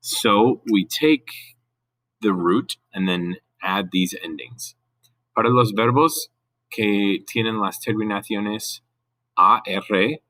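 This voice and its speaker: A man's voice: fairly low pitch, pushed and bright, no echo. A man teaching a recorded Spanish grammar lesson, who explains patiently and switches between English and Spanish.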